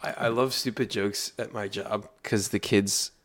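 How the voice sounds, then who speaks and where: A man co-hosting a casual podcast, a teacher who tells animated stories about his class and acts out the exchanges. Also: fairly low pitch, a little slow. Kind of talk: casual chat.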